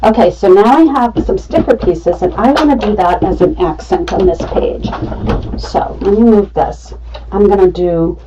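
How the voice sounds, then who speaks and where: A woman's voice: mid-range voice, moderate pace, warm tone, far from the mic, dull audio, faint music behind. A middle-aged woman running a live craft tutorial, chatty and talking herself through each cut. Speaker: craft demonstrator.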